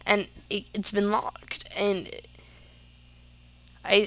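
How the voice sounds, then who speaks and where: A woman's voice: medium pitch, lively intonation, measured pace, creaky, long pauses, sharp tone, dry recording. A teenage girl hosting a podcast, telling a story casually with lots of "like" and "yeah". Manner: chatty, lots of fillers like "like" and "yeah". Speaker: podcast host.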